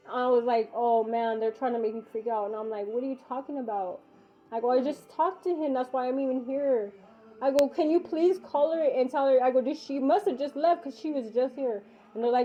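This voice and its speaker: Woman, higher voice, casual storyteller who acts out each exchange and swears freely; dull lo-fi recording. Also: brisk. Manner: re-enacts dialogue, swears casually. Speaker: mother recounting a personal story.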